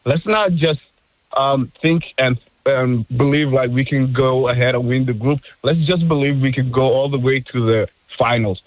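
A man calling in to a sports radio show, excited and peppering his talk with "like". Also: mid-range voice, no room sound. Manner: excited, fast, fills with "like". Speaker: caller. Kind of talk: casual call-in chat. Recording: dry, muffled phone line.

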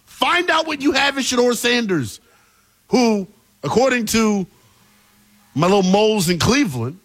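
Man, sports talk co-host, high voice, very lively swings in pitch, opinionated. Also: a little slow. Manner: animated, opinionated, playful teasing.

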